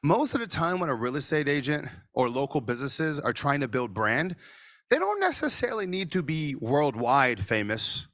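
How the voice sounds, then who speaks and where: A man presenting a marketing masterclass over a video call, animated and sometimes nearly shouting for emphasis. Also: fairly high pitch, moderate pace, no echo, clean studio sound. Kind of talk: energetic webinar teaching. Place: office studio.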